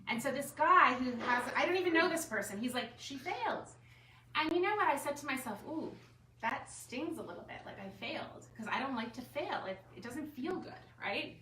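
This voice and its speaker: A bright, slightly high-voiced woman tells a personal story to a group, chatty and animated, acting out what she and others said. She is picked up from some distance in an echoey room. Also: fairly quick. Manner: chatty, animated storytelling full of "like" and self-quotes. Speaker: artist and designer speaking at a gathering. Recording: echoey room, mic far off, faint room noise.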